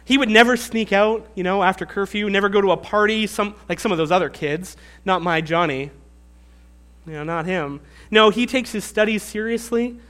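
A man's voice: high-pitched, normal speed, a bit bright. A man putting on the voice of a proud mother who brags about her son in a sweet, passive-aggressive way. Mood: gushing.

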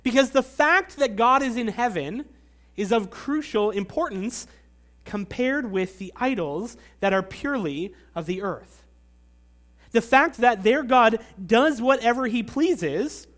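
A man with a high voice preaches a sermon. He teaches earnestly and leans on emphatic pauses. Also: expressive, fairly bright tone. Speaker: pastor.

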